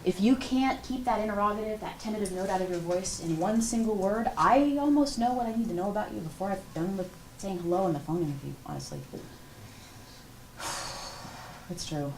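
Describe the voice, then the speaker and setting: Her mid-range voice is darkish and fairly quick, with slight background noise. The woman is a workshop instructor teaching interview skills to a class in a large room, giving direct, hands-on coaching and demonstrating poses, heard as distant, roomy hall audio.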